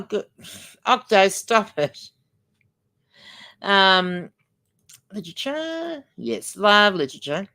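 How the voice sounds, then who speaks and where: Older lady hosting a livestream, bit low-pitched, rambly chatty, reading out comments. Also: bright, forceful tone. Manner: chatty and rambling, reads viewer comments aloud. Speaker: livestream host. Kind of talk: casual livestream chat.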